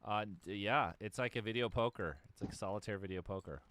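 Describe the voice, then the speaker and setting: Smooth-voiced, swearing male podcast co-host. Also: on the low side, brisk, fairly bright tone, no room sound. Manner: stammering, profane, laid-back. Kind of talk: casual chat while gaming.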